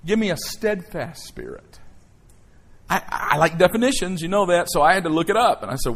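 A man preaching a sermon as pastor, emotional and emphatic, swelling from quiet to loud declarations. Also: sits high, lively intonation, normal speed.

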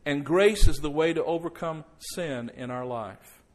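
A man preaching a sermon as pastor before a congregation, slowing right down and dropping to a near hush for emphasis, then rising loud. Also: fairly high pitch. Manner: slows down and drops soft for emphasis, then rises loud. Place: church service before a congregation.

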